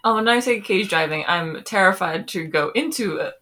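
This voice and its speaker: A woman co-hosting a casual podcast with a breathy voice, firing off quick jokes and laughing often. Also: mid-range voice, expressive, bright, forceful tone.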